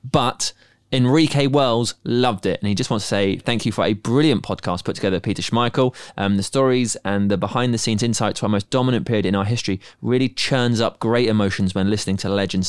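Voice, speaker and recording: Upbeat male host, rapid patter, dry close-miked sound, reads listener mail. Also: lowish voice, clean tone, no room sound. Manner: brisk, upbeat, wraps up. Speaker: podcast host. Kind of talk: podcast chat and reading listener emails.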